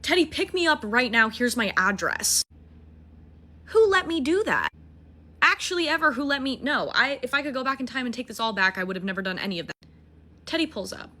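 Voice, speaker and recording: A woman in her twenties casually telling a dating story, animated, swearing and mocking herself. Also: a little high, fast. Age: 20s.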